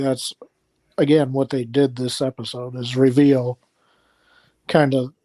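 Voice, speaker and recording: Slow, mellow man with halting speech. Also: medium pitch, no echo. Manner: halting, many ums and pauses. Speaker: podcast panelist. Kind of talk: casual chat.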